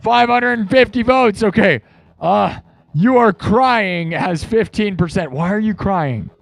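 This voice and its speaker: A man's voice: sits high, animated, unhurried, creaky, no room sound. Brief: teasing male stream host, ranting, dry close sound. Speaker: livestream host and musician. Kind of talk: casual livestream chat.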